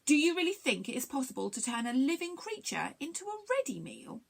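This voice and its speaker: A woman voicing a gentle, earnest storybook creature. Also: high-pitched, big pitch swings, a little fast, vocal fry, voice pushed up, heavily acted. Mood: worried.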